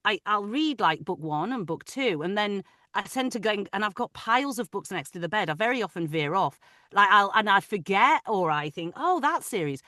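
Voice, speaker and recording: Woman, audiobook narrator, bright forceful tone, dry close sound, animated chatty talk. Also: medium pitch, normal speed, no room sound. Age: adult, parent of older children. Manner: animated, talkative, many restarts. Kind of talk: casual interview chat.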